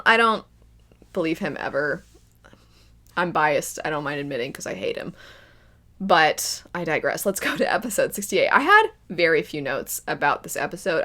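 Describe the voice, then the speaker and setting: A woman's voice: fairly low pitch, bright, forceful tone. A woman giving casual reaction commentary as a first-time viewer, laughing often and mimicking characters in mock voices.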